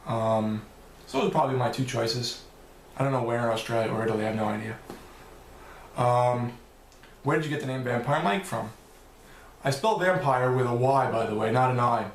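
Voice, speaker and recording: A man's voice: mid-range voice, normal speed, pauses often, roomy sound, slight background noise. A man answering viewer questions in a loose, rambling vlog, swearing now and then. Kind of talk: casual Q&A vlog.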